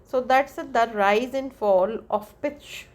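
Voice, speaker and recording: A woman teacher giving a lecture and explaining terms step by step, often checking with "right?" and pausing on "uh". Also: on the high side. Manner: slow, deliberate delivery with demonstrated examples. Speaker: English teacher.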